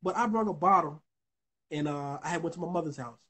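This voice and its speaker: Slightly high and a little fast, this young vlogger's voice is fairly bright with a breathy edge. He rambles through a story for his viewers, swearing and repeatedly starting over.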